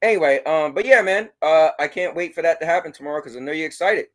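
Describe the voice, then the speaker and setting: High-voiced man hosting a casual livestream. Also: fast talker. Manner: reads chat messages aloud and gives shout-outs; animated, talks to his dog. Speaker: livestream host.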